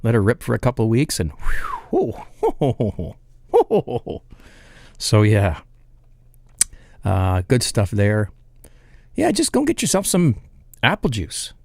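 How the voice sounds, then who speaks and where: A man's voice: medium pitch, huge pitch swings, slow pace, gravelly, pauses often, darkish tone, no room sound, studio quality. A man hosting a live home brewing stream, chatting loosely and reading viewer comments aloud, rambling and laughing at himself as he loses his place.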